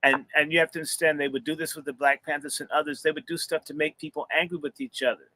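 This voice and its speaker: Blunt preacherly man with a bright voice. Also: fairly high pitch, little pitch movement, fast, a little hiss or hum. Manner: rambling, blunt and profane, sermon-like cadence. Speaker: host and minister. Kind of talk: preacherly livestream talk.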